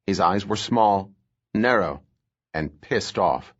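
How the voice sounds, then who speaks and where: A man narrating a thriller audiobook in a steady, measured reading voice. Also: deep voice, highs cut off.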